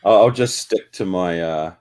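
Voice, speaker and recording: Kiwi-guy, lowish voice, dry teasing on a video call stream. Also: moderate pace, noisy background. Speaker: co-host. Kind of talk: casual livestream chat.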